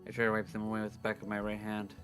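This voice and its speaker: A man's voice: fairly low pitch, monotone, rapid-fire, fairly bright tone, faint music behind. A man streaming a visual novel, reading its first-person narration aloud dramatically. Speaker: game streamer.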